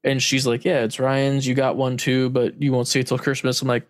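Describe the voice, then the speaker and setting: A man's voice: mid-range voice, completely flat delivery, brisk. A man in casual chat, telling a story with frequent laughs and casual swearing.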